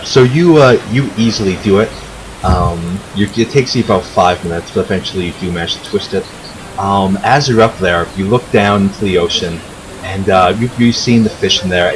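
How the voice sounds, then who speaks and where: Rambling low-voiced man running a game. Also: normal speed, background noise. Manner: rambling, with many fillers and restarts. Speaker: game master. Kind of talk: narrating a tabletop game. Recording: chatter of a crowd behind.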